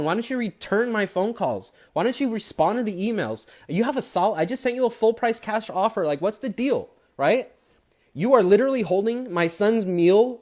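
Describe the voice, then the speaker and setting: A man in his thirties speaks to camera in a personal monologue. He is candid and emotional, looping back with fillers and restarts, and his pitch sits in an ordinary middle range. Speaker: ecommerce channel host.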